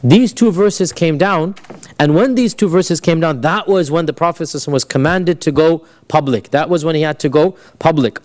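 A man's voice: a little high, fairly quick, darkish tone. A man giving a conversational classroom lecture, asking the class questions and mixing in Arabic phrases. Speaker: Islamic history teacher.

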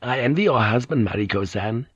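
A man's voice: medium pitch, animated, fairly quick, fairly bright tone, husky, no echo, muffled recording. A man reading an audiobook and voicing a haughty, squeamish young noblewoman of nineteen. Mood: solemn. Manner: disdainful and scornful.

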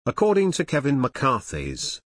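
Male narrator for a true-crime book: measured and expressive, with a lively rise and fall, recorded dry. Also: medium pitch, no room sound.

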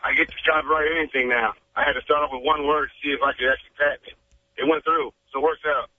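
A man with a Cleveland accent, a laid-back radio interview guest who talks in a relaxed, drawling way. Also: on the high side, fast talker, phone-quality sound. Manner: laid-back, drawling, says bro a lot. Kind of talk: casual phone interview.

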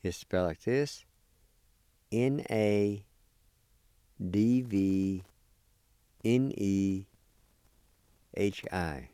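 A man's voice: lowish voice, drawn-out words, long pauses, dark tone, smooth, dry recording. A man teaching a language on the radio, patiently spelling words letter by letter and repeating each syllable. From Oklahoma, United States. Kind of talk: slow language lesson, spelling and pronouncing words.

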